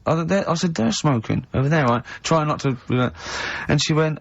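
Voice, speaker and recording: A man's voice: fairly high pitch, lively intonation, fast, few pauses, breathy edge. A man in his forties hosting a radio show, chatting casually, teasing and acting out the voices in his anecdotes. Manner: teasing, giggly storyteller acting out dialogue. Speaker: radio host. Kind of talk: casual chat, anecdote telling. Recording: slightly dull radio studio recording.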